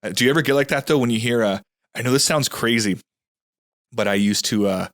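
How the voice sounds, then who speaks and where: A man's voice: medium pitch, quick pace, a bit bright, no room sound, clean studio sound. A man in a casual podcast conversation, telling a personal story in an earnest, rambling way full of restarts.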